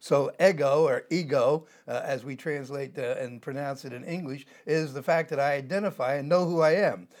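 A man's voice: mid-range voice, fairly quick, hardly any pauses. An older man teaching a Bible passage verse by verse, explaining word by word and wandering into side topics with many "uh" fillers. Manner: digressive, explanatory, frequent "uh" fillers.

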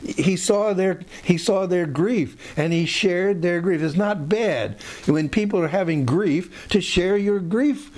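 A man's voice: high voice, a little slow, few pauses, a little mellow. A man giving an informal Bible teaching in a conversational, rambling way, with frequent restarts and asides.

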